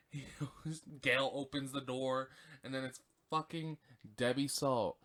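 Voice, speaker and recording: A man recapping a film on his podcast in loose, rambling chat, peppered with swearing. His voice sits at an ordinary middle pitch, and he swings between excited gushing and indignant rants. He stumbles, backtracks and corrects himself as he goes. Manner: chatty with fillers and self-corrections. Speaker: podcast host. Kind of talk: casual solo film recap.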